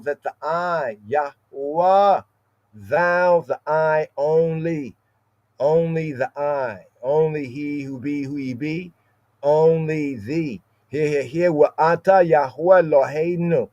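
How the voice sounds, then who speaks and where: A man teaching scripture on a podcast, slowly repeating Hebrew words and often asking "right?". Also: a little high, darkish tone, no echo, muffled recording.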